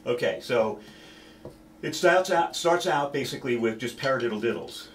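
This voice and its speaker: A man's voice: mid-range voice, expressive, moderate pace, slight background noise. A man teaching a snare drum solo, counting beats aloud and stopping now and then to correct himself.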